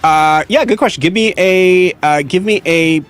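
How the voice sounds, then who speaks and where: A man's voice: high voice, a bit bright, smooth. Man, game master; laid-back, filler-heavy narration over faint music. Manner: casual, halting with many fillers.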